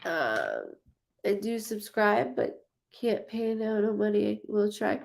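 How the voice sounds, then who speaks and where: A woman's voice: mid-range voice, very animated, takes it slowly, vocal fry. A woman hosting a psychic live stream, chatting casually and effusively with viewers as she reads their comments. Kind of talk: casual livestream chat reading comments.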